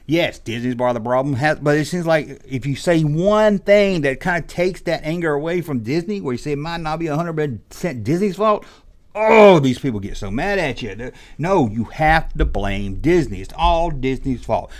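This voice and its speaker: A man's voice: on the high side, animated, normal speed. A man ranting in a rambling, exasperated monologue about the toy business, slipping into mock quotes. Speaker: toy collector YouTuber. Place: indoors, audio only.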